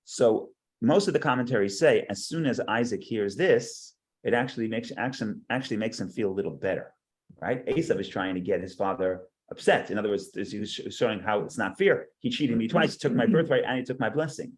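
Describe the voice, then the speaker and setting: A man's voice: fairly low pitch, a little fast. A man teaching a text study class, reading verses aloud and explaining them, often repeating words as he thinks.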